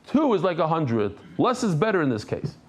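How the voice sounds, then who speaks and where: A middle-aged man, a rabbi, teaching a daily Talmud class in an animated, conversational way, mixing Hebrew and Aramaic terms into his English. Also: fairly high pitch, moderate pace, crowd noise. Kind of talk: lively Talmud lesson.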